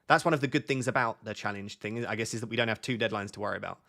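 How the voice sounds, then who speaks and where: A man's voice: fairly low pitch, vocal fry, pushed and bright. A young man hosting a casual live stream, chatting and reading out viewers' questions. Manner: chatty, reads viewer questions aloud, quick asides. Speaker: fantasy football streamer.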